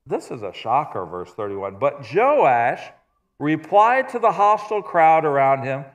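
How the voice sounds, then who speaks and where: A man preaching from the pulpit with a somewhat raised pitch, moving easily between scripture and conversational, self-deprecating stories. His voice rings out with the long reverb of a large church sanctuary. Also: sing-song, unhurried. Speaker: pastor. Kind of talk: sermon.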